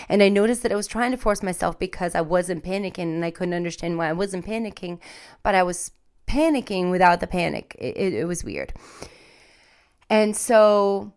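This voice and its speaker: A woman's voice: mid-range voice, clear, resonant tone. A woman hosting a podcast, telling a candid, emotional personal story in a rambling, self-deprecating way. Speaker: podcast host.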